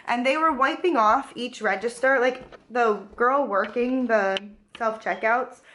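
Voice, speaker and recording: A young woman chats to camera in a loose, filler-heavy vlog storytime. Her voice sits a bit high, and she sounds slightly out of breath from a cold. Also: measured pace, sharp tone, a little hiss or hum. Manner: chatty, many filler "like"s, indignant retelling. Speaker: vlogger.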